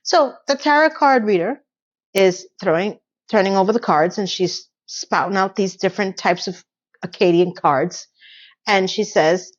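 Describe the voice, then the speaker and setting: A woman giving a casual, animated recap of a TV episode, telling the story with voiced quotes. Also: mid-range voice, a little slow, highs cut off. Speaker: TV recap vlogger.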